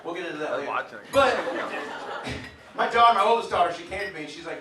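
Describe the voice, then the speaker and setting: Brash comedian in an echoey pub. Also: male voice, on the high side, expressive, quick pace, long pauses, heavy background noise. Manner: brash, crude storytelling with punchy one-liners. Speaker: stand-up comedian. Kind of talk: live stand-up comedy. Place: pub stage in front of a live audience. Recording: distant echoey pub room with crowd laughter. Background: audience laughter and bar ambience.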